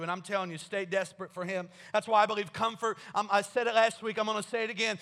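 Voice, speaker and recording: Male pastor, lively sermon delivery, slightly high voice, joking asides. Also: quick pace, creaky, hardly any pauses. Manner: animated, joking asides, storytelling.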